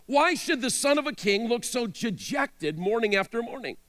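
A man's voice: very high-pitched, sing-song, normal speed, fairly bright tone, heavily acted. A man reading the part of a crafty young male cousin, speaking slyly and persuasively. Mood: coaxing.

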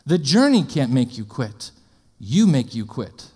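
A man preaching a sermon in an energetic, conversational way, often asking the congregation questions and slipping in jokes. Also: mid-range voice, measured pace, breathy edge.

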